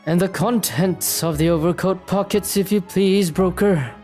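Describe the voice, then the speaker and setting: A man voicing a pompous, refined gentleman with slow, drawn-out, haughty speech in a detective game. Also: sits high, soft background music, natural voice.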